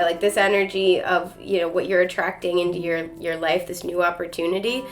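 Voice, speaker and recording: A woman giving a casual tarot reading, talking straight to the viewer with plenty of likes and ums. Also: on the low side. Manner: chatty, filler-heavy, addresses viewer directly. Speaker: tarot reader.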